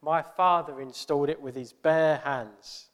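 A pastor doing a possessive longtime church member who is offended at the thought of anything changing. The voice is huffy and a little high, and it rings through a long church reverb. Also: male voice, fairly even intonation, measured pace, natural voice. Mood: indignant. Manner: huffy, defensive, rising to scolding.

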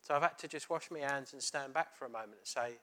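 A man's voice: medium pitch, fast talker. A middle-aged man giving a sermon, telling a story and acting out the dialogue. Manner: storytelling, animated, retelling dialogue. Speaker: preacher.

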